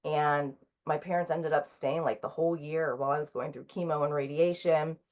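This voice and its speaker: A woman in her thirties, a guest author talking casually in an interview, halting with frequent ums and restarts. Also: low voice, fairly even intonation, a little mellow.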